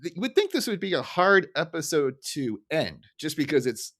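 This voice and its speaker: A man's voice: on the high side, normal speed. A man co-hosting a podcast, chatting casually and recapping a cartoon episode while acting out lines in funny voices. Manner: animated, acts out character lines in funny voices. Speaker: podcast co-host.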